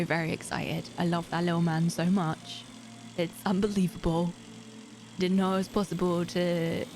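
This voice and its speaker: Female streamer, chatty and direct with viewers, voice with a fry edge. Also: lowish voice, darkish tone, a little hiss or hum. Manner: chatty, talks straight to viewers. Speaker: live streamer. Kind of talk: casual gaming stream chat.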